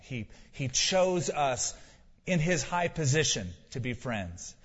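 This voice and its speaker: A male pastor with a breathy edge to his medium-pitched voice preaches expressively and at a measured pace. Rhetorical questions and repeated key lines give his sermon emphasis. Dull, lo-fi sound carries a long hall reverb.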